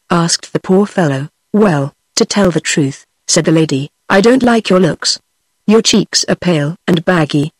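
A text-to-speech woman's voice with a British English accent, reading a fairy tale aloud in an even, measured way. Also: on the low side, no room sound, low-quality recording. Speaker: audiobook narrator.

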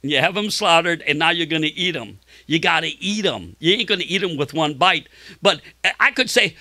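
Bright, high-voiced preaching man. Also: a little fast, no room sound. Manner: impassioned preaching with many repeated words and restarts; acts out quoted voices in a much higher, louder tone. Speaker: pastor. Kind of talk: sermon.

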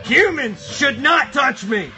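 A shrill, piercing cardboard box monster, hollering crude jokes at his live chat. Bright, strained squeals that climb very high, with faint music playing behind. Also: animated, slow pace, heavily acted. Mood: rowdy. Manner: shouty, crude, rambling banter with chat. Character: rowdy foul-mouthed cardboard box monster. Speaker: live streamer. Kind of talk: live stream puppet character chat.

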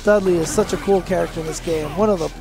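An excitable man commentates a fighting game match live in a slightly gravelly voice. He's chatty, laughs a lot and trips over his own sentences, with faint music playing behind him. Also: high-pitched, fast. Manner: chatty, excitable, laughs often, many restarts.

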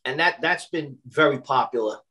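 The rough recording captures a medium-pitched man with a sharp tone speaking at a moderate pace. He's a Brooklyn personal chef chatting casually over video, chatty and heavy on fillers, with restarts and repeated words when he starts a line.

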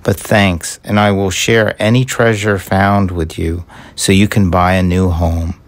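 A man voicing a greedy young male hare who plays at being a highwayman, in a storybook reading. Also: level tone. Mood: grumbling. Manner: slow, deep, grumbling demands.

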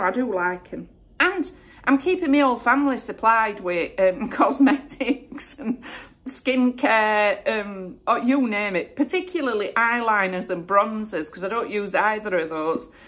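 Speaking at a medium pitch with a slightly bright tone, this middle-aged Bradford woman chats through a Q&A vlog in her West Yorkshire accent. She's rambling and casual, often self-correcting.

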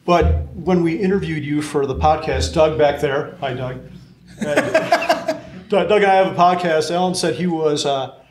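A man's voice: fairly high pitch, unhurried. Man moderating a live Q&A in an echoey hall. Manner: friendly, relaxed, repeats questions. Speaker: podcast host moderating Q&A. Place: event hall with audience. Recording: echoey live venue, faint noise.

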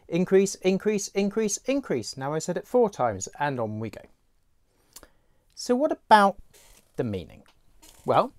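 A woman's voice: low voice, darkish tone, no room sound, studio quality. A woman teaching a word in a patient, playful tutorial, repeating it often for learners. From England. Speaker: speech and language teacher.

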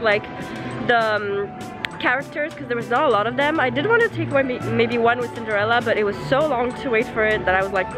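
A woman's voice: on the high side, a little fast, music in the background, rough recording. Chatty young woman vlogging with a cold. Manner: chatty, with frequent fillers. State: sick with a heavy cold. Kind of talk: casual vlog talk to camera.

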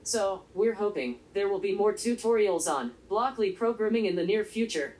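This is a synthetic, female-sounding robot voice with a monotone delivery. It narrates a scripted review in formal, polite phrasing, keeping an even pace at a middle pitch. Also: moderate pace, low-quality recording.

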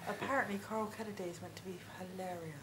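A woman's voice: on the low side, fairly even intonation, fast talker. A woman contestant in a reality TV house, joking and giggling playfully with housemates late at night. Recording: echoey room with background noise.

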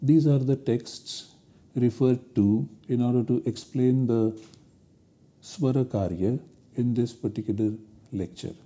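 A man giving a recorded university lecture, explaining grammar rules slowly and deliberately. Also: medium pitch, dark tone.

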